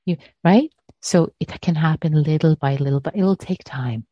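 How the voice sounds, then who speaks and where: A woman meditation teacher answering a question in a gentle, soothing talk, repeating words and trailing off. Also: low voice, normal speed, no echo, highs cut off.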